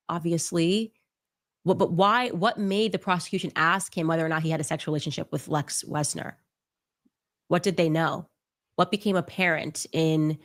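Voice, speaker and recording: A woman with a fairly low voice talks through a podcast segment. She presses her points hard and keeps asking rhetorical questions. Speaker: commentator. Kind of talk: podcast commentary.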